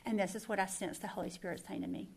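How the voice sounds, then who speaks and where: Gravelly-voiced woman giving testimony. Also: mid-range voice, steady tone, quick pace, a little mellow. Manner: earnest, emphatic, confiding, repeats words for stress. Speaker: Christian speaker. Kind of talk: personal testimony sermon.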